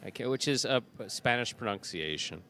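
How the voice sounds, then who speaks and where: A man's voice: mid-range voice, lively intonation, normal speed, heavy background noise. A middle-aged man announcing jai alai, chatty and explanatory, often correcting himself mid-sentence. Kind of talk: broadcast commentary and chat.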